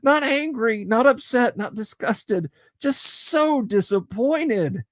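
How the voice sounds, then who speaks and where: A man's voice: very high voice, lively intonation, takes it slowly, few pauses, sharp tone, no echo, studio quality. A man hosting a casual livestream, chatting in a rambling, self-interrupting way and reacting to viewer comments as he goes. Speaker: livestream host.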